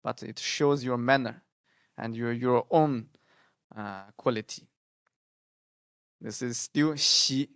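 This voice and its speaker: Very slow-talking man teaching pinyin. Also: mid-range voice, smooth, no echo, muffled recording. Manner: repeats syllables loudly, halting explanations with many fillers. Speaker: Mandarin teacher. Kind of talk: slow pinyin pronunciation lesson.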